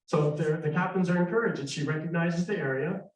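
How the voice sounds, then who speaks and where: Animated middle-aged male storyteller in a hall. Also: fairly high pitch, a little fast. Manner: animated, conversational, acts out dialogue. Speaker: historical storyteller. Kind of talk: live storytelling presentation. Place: arts center hall. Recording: echoey hall, distant mic.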